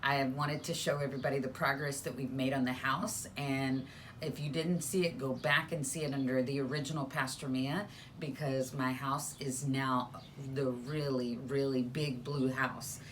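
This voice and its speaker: Middle-aged woman co-host, low-pitched and hushed, chatty and playful in a home studio. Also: fairly even intonation, normal speed, a little hiss or hum. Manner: chatty and playful, rambling with fillers; speaking softly, hushed. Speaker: pastor and co-host. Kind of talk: casual live-stream chat. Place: spare room turned home studio.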